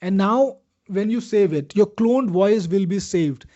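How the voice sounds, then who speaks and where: A man hosting a live webinar, demoing software and answering viewers by name in an upbeat, salesy way. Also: sits high, a little slow, dull audio. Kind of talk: live product demo answering viewer questions.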